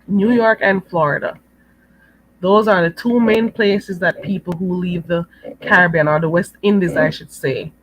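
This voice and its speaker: A woman's voice: fairly low pitch, normal speed, low-quality recording. A Jamaican woman hosting a live stream, chatting casually with viewers, laughing often and calling them "girl.". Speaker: livestream host. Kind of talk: live-stream chat reading comments.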